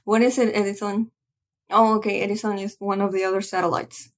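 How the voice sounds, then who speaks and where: A woman's voice: medium pitch, flat delivery, a little fast. A woman reading a comic aloud and chatting about it, with frequent restarts and trailing asides. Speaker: manga reaction creator. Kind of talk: reading a comic aloud with casual reaction commentary.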